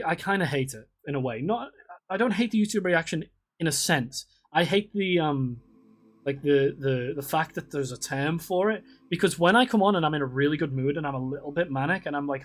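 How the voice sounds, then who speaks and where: A man streaming a zoo-building game, chatting casually with viewers in a rambling way, restarting sentences and swearing often. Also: a little high. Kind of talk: casual live-stream chat.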